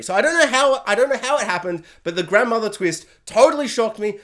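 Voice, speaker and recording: Animated woman ranting a TV review. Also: a little high, fast. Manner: animated and gushing, acts out characters in mock voices. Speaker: TV review vlogger. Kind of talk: excited spoiler review rant.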